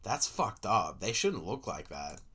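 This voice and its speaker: Australian man, young, streamer, sarcastic, sweary, lowish voice, casual reaction rant. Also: very animated, measured pace, sharp tone, breathy edge. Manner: profane, sarcastic ranting.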